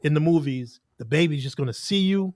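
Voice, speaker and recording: Man, podcast guest, earnest storyteller, higher voice. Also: a little fast, darkish tone, no echo, studio quality. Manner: earnest storytelling with lots of "like" and quoted asides. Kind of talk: casual podcast conversation.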